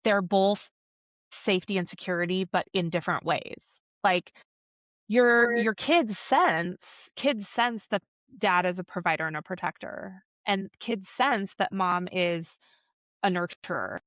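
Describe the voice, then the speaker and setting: A woman somatic coach, a podcast guest, explaining calmly and earnestly in an interview. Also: mid-range voice, measured pace, no echo, dull audio. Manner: earnest, coaching, acts out little quoted voices.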